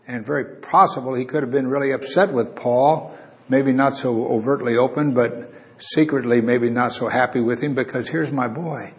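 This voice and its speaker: A man preaching a Bible teaching, talking casually to his listeners and reading scripture aloud with dramatic emphasis. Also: medium pitch.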